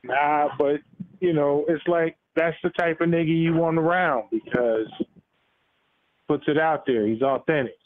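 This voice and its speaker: A man calling into a show, telling his take in an animated way and laughing through his lines over a phone line. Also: a little high, measured pace, a little hiss or hum. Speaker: caller. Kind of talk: casual call-in chat. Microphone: phone call.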